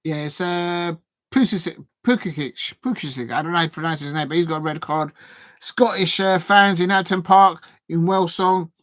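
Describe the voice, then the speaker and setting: A man hosting a live football watch-along, chatting with viewers and getting excitable, even shouting, at big moments in the match. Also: sits high, moderate pace, no room sound. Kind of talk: live match reaction and chat.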